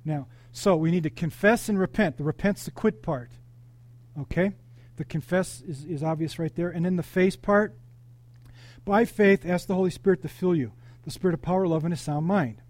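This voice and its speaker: A male pastor delivering an animated sermon, calling out questions to the congregation and telling personal stories. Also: sits high, normal speed. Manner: animated, interactive preaching with congregation call-outs.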